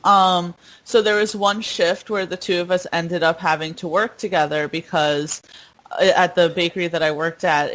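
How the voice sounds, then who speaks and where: A woman with a fairly low, fairly bright voice co-hosts a podcast, chatting casually, telling stories and laughing a lot.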